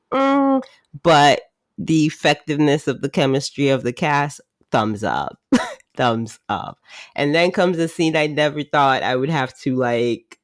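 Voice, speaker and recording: A woman's voice: extremely low pitch, dry recording. A woman hosting a podcast, recapping a drama episode in a chatty, wry way and saying "like" often. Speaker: podcast host. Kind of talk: casual drama recap commentary.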